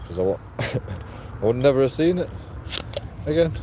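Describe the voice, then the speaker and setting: A man's voice: mid-range voice, big pitch swings, a little slow, background noise. A man, a streamer talking on a walk outdoors, blunt and rambling with lots of swearing. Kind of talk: casual walking vlog.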